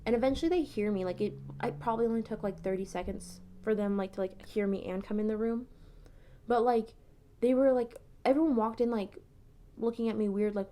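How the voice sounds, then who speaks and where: A young woman tells a story straight to her viewers in a loose, conversational way, with "like" scattered all through it. Her voice sits at a middle pitch. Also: brisk, mellow. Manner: chatty, lots of "like" fillers. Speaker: TikTok creator. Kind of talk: casual storytime.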